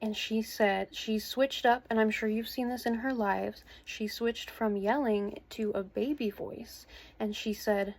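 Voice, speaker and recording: A woman in her twenties speaking to camera from her bedroom at home, recounting a personal story in a hesitant, earnest way with pauses and restarts. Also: on the high side, steady tone, no room sound. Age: 20s. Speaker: vlogger.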